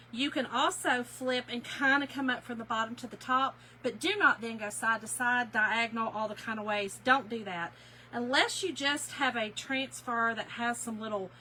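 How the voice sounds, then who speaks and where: A middle-aged woman leads a live craft tutorial in a bright, forceful voice, chatty and folksy with her viewers. Her pitch sits a little high, and a faint hum runs underneath. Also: low-quality recording. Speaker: craft instructor.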